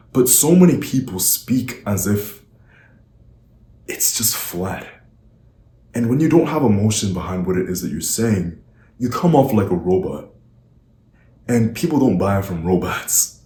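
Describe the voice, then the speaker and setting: A man with a deep, warm voice coaches the listener on speaking. He drives his points home emphatically, rushing ahead and then dropping to slow, weighty words. His voice rings in a roomy, echoing space. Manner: emphatic, varies speed and volume for weight. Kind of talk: direct-to-camera coaching talk.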